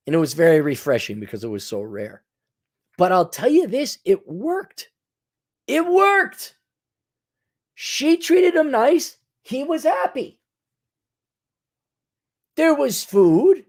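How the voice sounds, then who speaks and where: A man's voice: high-pitched, darkish tone. A man hosting a solo commentary monologue, lecturing in a sarcastic, mocking way. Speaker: commentary channel host.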